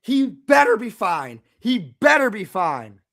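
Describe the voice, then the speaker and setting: A man reacting live to a football game, swinging from low muttering to angry shouting and repeating words. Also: sing-song, slow. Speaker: fan reaction streamer.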